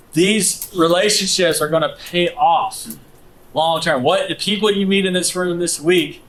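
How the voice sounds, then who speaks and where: A man teaching a live workshop, coaching the room in a brisk, direct way. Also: a little high, fairly bright tone, low-quality recording. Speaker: instructor.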